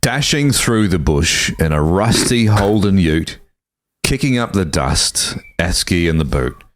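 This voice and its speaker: A slow, sing-song Australian drawl reciting a holiday carol, put on by a man. The voice sits low and deep, rising and falling widely as he stretches out each line. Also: sing-song. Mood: playful.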